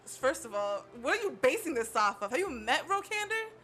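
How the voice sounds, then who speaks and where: A woman's voice: sits high, very animated, brisk, fairly bright tone, faint music behind. A woman playing a tabletop game, talking in a brash, incredulous way. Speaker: player.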